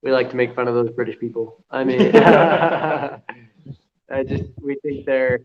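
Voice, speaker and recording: A man's voice: medium pitch, measured pace. A young man chatting casually on a video call, rambling with lots of fillers and restarts. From United States. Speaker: conversation partner. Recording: muffled video call audio, faint hiss.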